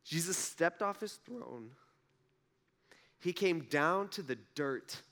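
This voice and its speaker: Animated man preaching a casual sermon. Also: fairly high pitch, slow. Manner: conversational, animated preaching with rhetorical questions. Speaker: pastor.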